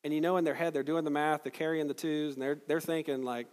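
A man's voice: a little high, a little fast, hardly any pauses. A man preaching a sermon in a conversational tone. He explains the text verse by verse and puts questions to his listeners. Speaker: pastor. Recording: long hall reverb.

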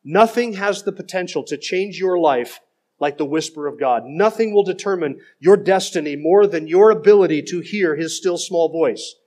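Man, pastor, high voice, emphatic sermon delivery, critical tone, middle-aged. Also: moderate pace, a little mellow. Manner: emphatic, critical preaching, reading quotes aloud.

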